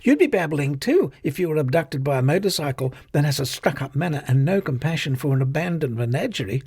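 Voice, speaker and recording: A man's voice: on the high side, expressive, fairly quick, a little mellow, husky, dry recording, studio quality, pitched above the performer's own voice. A man voicing a fussy, chattering young vegan woman who complains nonstop in a storybook reading. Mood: complaining. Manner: babbling, aggrieved.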